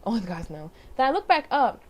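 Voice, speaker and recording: A woman's voice: a little high, sing-song, quick pace, a little mellow. A young adult woman telling a personal story in a casual vlog, rambling with lots of fillers, restarts and small laughs. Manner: rambling, filler-heavy, frequent self-corrections and laughs. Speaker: vlogger.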